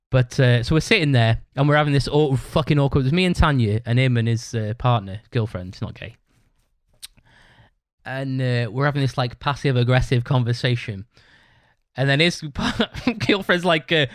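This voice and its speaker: A man's voice: mid-range voice, moderate pace, dry recording, clean studio sound. A young British man hosting his own podcast, telling a rambling, sweary story in a casual way and laughing as he talks. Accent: British English. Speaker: podcast host.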